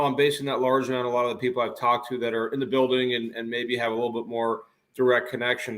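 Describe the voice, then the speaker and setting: A man guesting on a sports talk show, measured and thoughtful as he gives his opinion. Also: medium pitch, fairly bright tone. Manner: measured, thoughtful, some restarts. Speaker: guest radio host. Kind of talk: phone-in sports interview.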